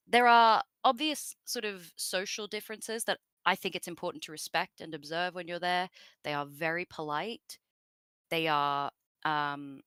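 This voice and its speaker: A woman's voice: lowish voice, a bit bright, clear, resonant tone, no echo. A woman with an Australian accent, a guest in an interview, chatting casually with many fillers and laughs.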